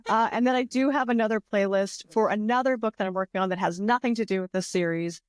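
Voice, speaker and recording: A young woman co-hosts a relaxed podcast, rambling cheerfully and breaking into laughter. Her voice sits mid-range. The recording is dry, with little room sound. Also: medium pitch, fast talker, clean tone, no room sound. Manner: animated, laughs a lot, rambling. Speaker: podcast co-host and author. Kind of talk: casual chat.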